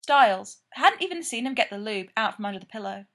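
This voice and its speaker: A woman reading a story aloud, narrating in a slow, measured way. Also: medium pitch, gravelly, a bit bright. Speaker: reader of fan fiction.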